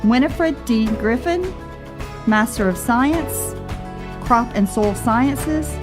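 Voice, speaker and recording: A woman announcing graduates at a ceremony, reading names and degrees in a measured, formal manner. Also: a little high, expressive, music in the background.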